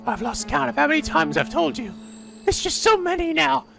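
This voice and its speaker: A man voicing a gentle, devoted young princess in falsetto, soft and earnest with blunt teasing. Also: animated, normal speed, vocal fry, distant mic, faint music behind, heavily acted. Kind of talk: improvised falsetto character voice over gameplay.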